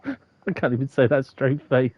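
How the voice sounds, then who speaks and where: A man's voice: mid-range voice, lively intonation, moderate pace, muffled recording. Man joking through a game stream. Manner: joking, rambling asides. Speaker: streamer playing a farming game with a co-player. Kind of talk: casual gameplay chat.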